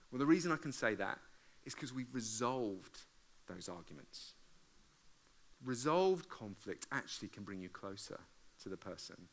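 Man, forties, pastor preaching a sermon, very lively pitch, humorous, bursts into loud acted-out rows. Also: normal speed. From England. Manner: animated, acts out arguments with loud outbursts; humorous, conversational. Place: church service before a congregation.

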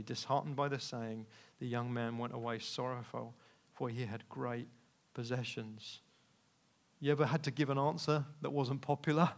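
A man preaching a sermon, telling personal stories candidly and swinging between quiet asides and loud, emphatic peaks. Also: medium pitch, steady tone, normal speed. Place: church service.

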